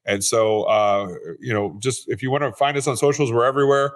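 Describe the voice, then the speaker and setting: A man's voice: mid-range voice, fairly even intonation, fairly quick. Earnest man telling stories in an interview. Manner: earnest, repeats words while restarting. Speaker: real estate investor guest. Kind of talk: casual interview storytelling.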